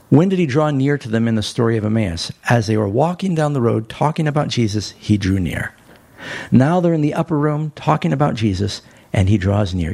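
A man with a gravelly, husky voice delivers a sermon. He retells a story with lively swings, climbing high when he drives a point home. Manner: animated storytelling, rising sharply for emphasis. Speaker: preacher.

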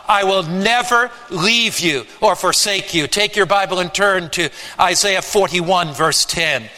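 Man preaching a sermon, high bright voice, slow and emphatic, big echoey church. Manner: slow, emphatic preaching with dramatic pitch swings.

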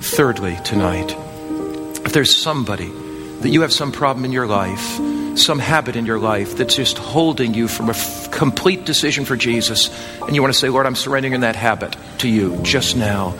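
A man preaching an evangelistic sermon, swinging from impassioned near-shouts to a hushed, gentle altar call. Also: mid-range voice, normal speed, big-room sound, over loud music.

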